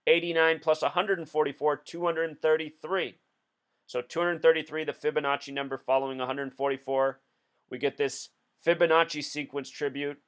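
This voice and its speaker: A man's voice: a little high, fairly bright tone, smooth. A man hosting a video, talking through a casual commentary in an insistent, explanatory way. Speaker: video host.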